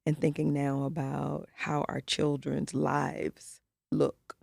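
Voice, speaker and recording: Speaking slowly in a low, creaky, monotone voice with a darkish tone, this podcast co-host is a middle-aged woman. She tells a personal story candidly and casually, voicing the people she quotes, and the sound is dry and studio-clean.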